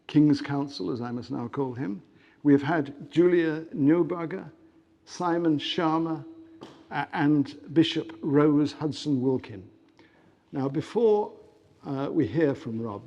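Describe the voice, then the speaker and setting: An older man chairing an evening lecture, giving a formal welcome with measured delivery and dry jokes, on a mic in an arts centre hall. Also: fairly high pitch, a little mellow. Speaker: event chair introducing a lecture. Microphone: handheld mic on stage. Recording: reverberant hall.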